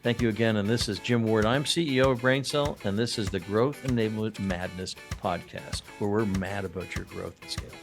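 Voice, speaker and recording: A man's voice: lowish voice, fairly quick, few pauses, over music. A man hosting a business podcast, chatting casually and joking, with many fillers and restarts. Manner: rambling, jokey, many fillers. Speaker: podcast host.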